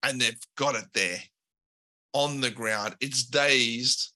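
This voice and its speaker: A man narrating a tabletop game as game master, describing scenes in a relaxed way with filler words. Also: mid-range voice, slow.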